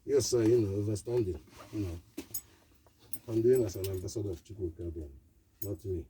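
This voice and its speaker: A man's voice: on the low side, a little fast, noisy background. A man gives an impassioned live political address as a radio broadcaster, preaching in short, repeated declarations.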